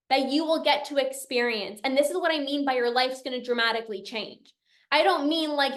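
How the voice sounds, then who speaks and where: Reading members' comments aloud, this coach and podcast host, a young woman with a high, slightly bright voice, delivers an earnest motivational talk. She sometimes verges on emotion and uses repetition for emphasis.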